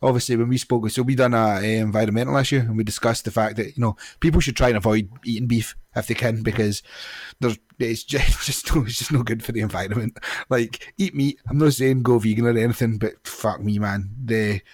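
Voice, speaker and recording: A Scottish man chats loosely on a podcast, rambling, laughing and swearing casually. His voice sits at an ordinary middle pitch. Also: steady tone, brisk, a little mellow. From Scotland. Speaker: podcast co-host. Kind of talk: casual comedic podcast chat.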